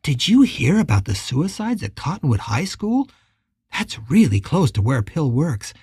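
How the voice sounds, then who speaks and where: A gentle, concerned woman friend speaking softly on the phone, as the narrator puts her on. The voice stays mellow and husky, in a dry, close sound. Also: low-pitched, big pitch swings, unhurried, no echo, exaggerated voice. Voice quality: soft.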